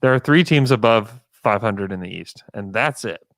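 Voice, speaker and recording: A man's voice: lowish voice, animated, normal speed, a bit bright, no room sound. A man co-hosting a podcast, talking sports in a casual, emphatic way. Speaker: podcast host.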